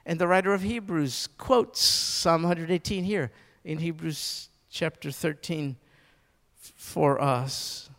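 A man preaching a sermon, stressing points by repeating words and swinging between loud urgency and quiet intensity. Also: fairly high pitch, slow pace, long reverb tail. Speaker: pastor.

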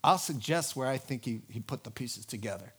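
A male preacher giving a sermon, telling stories lively and with animated asides. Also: medium pitch, fairly quick, husky.

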